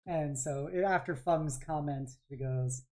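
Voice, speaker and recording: A woman's voice: low-pitched, unhurried, a little mellow. A woman game master narrating a tabletop game, describing scenes in a rambling way full of fillers.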